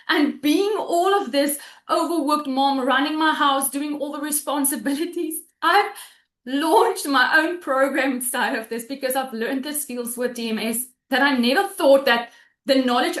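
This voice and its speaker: A woman in her thirties telling her story on a webinar, emotional and halting, often restarting her sentences. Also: sits high, fairly bright tone, roomy sound.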